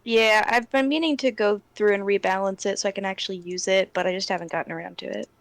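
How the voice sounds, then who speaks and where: A woman's voice: mid-range voice, fairly even intonation, quick pace, no echo. A woman chatting at a tabletop game table as a player, talkative and laughing often. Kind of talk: casual chat at a game table.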